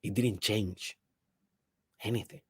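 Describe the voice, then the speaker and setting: A man's voice: on the low side, fairly even intonation, slow pace, breathy edge. Emphatic man giving a motivational talk. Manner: emphatic, swings between loud bursts and hushed asides; rhetorical questions to the listener. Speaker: podcast host, personal development speaker. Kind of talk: motivational monologue.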